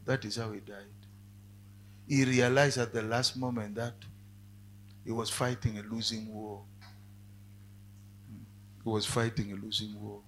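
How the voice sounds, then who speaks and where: A male preacher giving a sermon, dropping to quiet asides and then rising to loud, emphatic cries. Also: lowish voice, flat delivery, a little slow, pauses often, a little hiss or hum.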